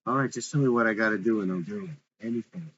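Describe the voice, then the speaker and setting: A man's voice: lowish voice, fast, dull audio, crowd noise, close to an everyday voice. A man reading a pleading young boyfriend. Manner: pleading, apologetic.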